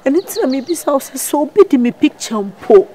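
A woman's voice: high-pitched, expressive, moderate pace, dark tone, a little hiss or hum. A woman playing a pleading Ghanaian wife. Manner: pleading, exasperated. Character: harassed married woman begging a stalker. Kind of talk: web drama acting.

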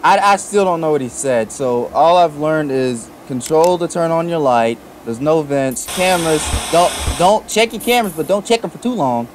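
A man's voice: a little high, expressive, normal speed, hardly any pauses, noisy background. An American man playing a horror fan game, rambling and confused, talking casually to viewers. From United States. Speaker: gamer. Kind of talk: casual let's play commentary.

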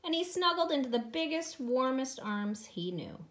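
A woman, a preschool teacher, reading a picture book aloud to young children in an expressive, sing-song way. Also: high-pitched, normal speed.

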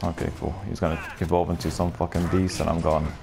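A man giving casual, rambling commentary over his own gameplay, swearing often and breaking into loud shouts and laughter. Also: low-pitched, flat delivery, fast talker, vocal fry, over music. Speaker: gaming video creator.

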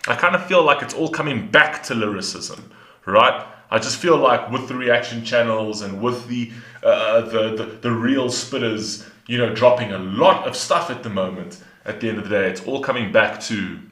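A young man hosting a reaction video, casual and animated, swearing and repeating himself with lots of "man" and "bro". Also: mid-range voice, moderate pace. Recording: roomy echo. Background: faint rap track.

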